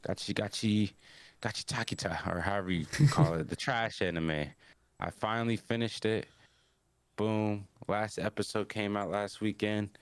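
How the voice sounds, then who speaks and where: A man's voice: on the low side, steady tone, normal speed, clear, resonant tone, no room sound, studio quality. A man hosting a podcast, casually recapping an anime episode in a rambling, slangy way with lots of restarts. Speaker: podcast host.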